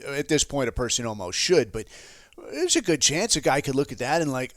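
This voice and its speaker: A man's voice: mid-range voice, big pitch swings, fairly quick, a bit bright, no echo. Male podcast host, heated profane rant delivery, mid-range voice, dry room. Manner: heated, swearing constantly, sarcastic asides.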